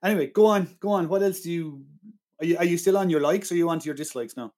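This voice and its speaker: A man's voice: on the high side, fast, darkish tone. Eager, argumentative man on film. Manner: enthusiastic, argumentative. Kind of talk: casual film chat.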